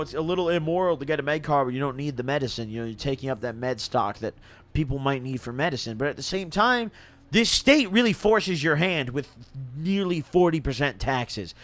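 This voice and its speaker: Animated, bright-voiced young man storyteller. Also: a little high. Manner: animated, slangy, laughs through his story. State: intoxicated. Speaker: streamer. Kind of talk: casual storytelling on stream.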